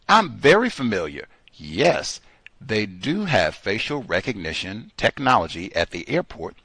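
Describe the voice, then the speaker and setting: A male host giving an animated, mocking commentary monologue, slipping into put-on voices. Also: medium pitch, dry recording.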